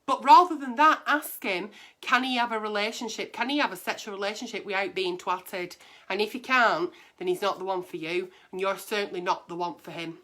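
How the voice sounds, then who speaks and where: A woman's voice: mid-range voice, fairly quick, sharp tone. A woman, hosting a casual advice chat in a blunt, brash and sweary way. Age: 40s. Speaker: agony aunt host.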